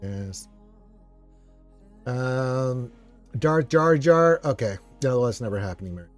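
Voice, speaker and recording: A man's voice: mid-range voice, lively intonation, slow, pauses often, faint music behind. A man hosting a casual live stream, greeting viewers and reading chat aloud in a rambling, playful way. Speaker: livestream host.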